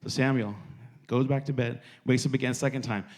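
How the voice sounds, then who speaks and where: A man's voice: medium pitch, fairly even intonation, brisk. A man giving a casual sermon to young people, talking conversationally and repeating phrases for emphasis. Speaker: youth preacher.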